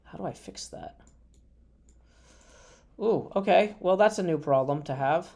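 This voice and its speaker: A man's voice: high-pitched, lively intonation, unhurried, vocal fry, a little mellow. A man hosting a livestream, telling a rambling anecdote casually with lots of fillers, talking from his streaming setup at a convention. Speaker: livestream host. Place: indoors at a gaming convention. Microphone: streaming setup at a computer.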